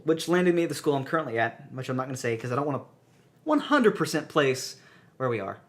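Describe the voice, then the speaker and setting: Lively, laughing young man telling stories. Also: fairly high pitch, a little fast. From southern United States. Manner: animated, laughing, self-deprecating storyteller. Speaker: podcast co-host. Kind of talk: casual chat.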